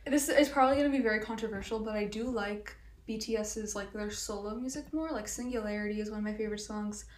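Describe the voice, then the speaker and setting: A woman's voice: medium pitch, fast talker, echoey room. A young woman co-hosting a podcast in casual chat, talking with lots of "um"s and eager enthusiasm. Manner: chatty, filler-heavy, talks about music fandom with enthusiasm. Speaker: podcast co-host.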